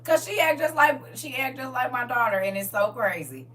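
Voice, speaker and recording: A woman hosting a livestream in casual chat, laughing often, repeating "listen," and moving into gentle spiritual advice. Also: high voice, lively intonation, fairly quick. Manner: laughs often, repeats "listen" and "I'm trying to tell you". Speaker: livestream host. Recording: distant mic with faint hum.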